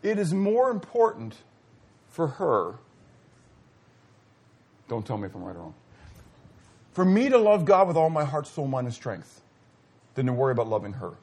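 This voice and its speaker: Male pastor, middle-aged, husky, lively pitch swings, calls out questions to the congregation. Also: moderate pace, pauses often. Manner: swings from loud exclamations to quiet asides, asks the audience questions. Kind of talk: sermon.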